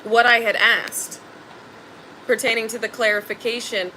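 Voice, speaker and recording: Emphatic, bright-voiced woman tarot reader. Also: a little high, flat delivery, normal speed, slight background noise, poor audio. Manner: emphatic, blunt and slangy, swears freely. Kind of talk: spiritual tarot reading.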